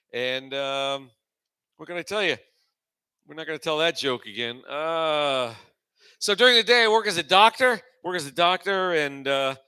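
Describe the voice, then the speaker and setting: A man in his forties fronting a live open-mic comedy night. His voice is bright and forward, set a little high for a man. He rambles loosely and lands dry, self-mocking punchlines. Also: clean tone. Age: 40s. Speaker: host and stand-up comedian.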